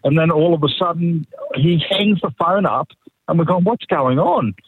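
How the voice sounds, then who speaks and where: A man's voice: fairly high pitch, moderate pace, narrow, tinny audio, a little hiss or hum. A middle-aged man calling into a radio show, telling an anecdote animatedly and restarting his sentences. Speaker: caller. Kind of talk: casual phone-in anecdote.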